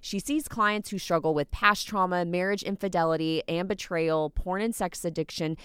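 A woman's voice: on the low side, smooth, no room sound. A woman hosting a podcast interview, upbeat and gushing, with many fillers. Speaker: podcast host.

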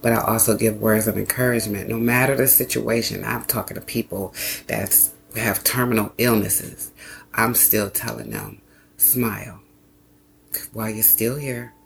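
Gravelly man, earnest motivational podcast host, encouraging, repeats key phrases, soft music underneath. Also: lowish voice, steady tone, moderate pace. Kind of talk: motivational self-help monologue.

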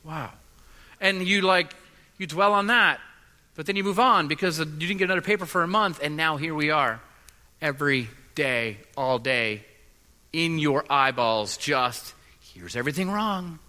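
A man preaches earnestly in a bright, fairly high voice, often stumbling and repeating himself as he builds his point. His voice rings with long reverb in a large church hall. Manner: earnest, halting, repeats words. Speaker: pastor. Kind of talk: sermon.

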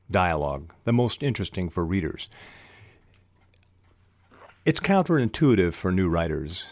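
An older man hosting a podcast lesson on fiction writing, unhurried, with hesitant restarts and fillers. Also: low-pitched, no room sound. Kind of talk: instructional talk on writing.

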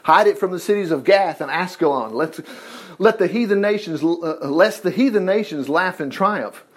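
A man's voice: high voice, moderate pace. A man teaching from the Bible, reading passages aloud and breaking in with exclamations of praise. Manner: expressive, reads scripture aloud and comments with exclamations. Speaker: preacher.

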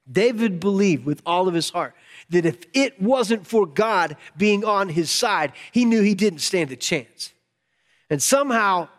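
A man preaching a sermon, telling the story in a chatty way with asides, then building to fervent shouts. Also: high-pitched. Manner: conversational storytelling with laughs and asides. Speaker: pastor.

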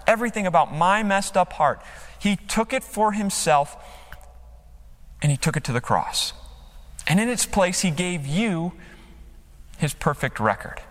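A man's voice: high voice, fairly bright tone. Preaching man in a reverberant hall. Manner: emphatic preaching with dramatic quotes. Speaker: pastor. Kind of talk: sermon. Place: church stage.

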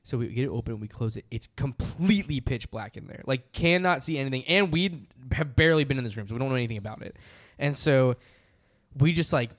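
A man's voice: mid-range voice, brisk, dry recording, studio quality. A man telling a story in casual conversation, laughing often and acting out the voices of the people in it. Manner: animated, laughs often, acts out voices in his stories.

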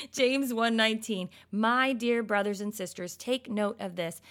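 A woman giving a casual Christian devotional talk, expressive and emphatic, swinging between loud bursts and soft, quiet stretches. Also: mid-range voice, vocal fry.

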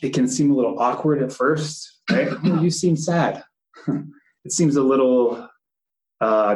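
Man teaching in an echoey room. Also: medium pitch. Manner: conversational, with fillers and asides. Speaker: police instructor. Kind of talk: teaching a class.

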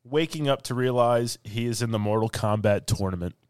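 A man's voice: mid-range voice, brisk. Laughing man hosting improv prompts. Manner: laughs often, gives prompts. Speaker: host. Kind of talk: casual improv game chat.

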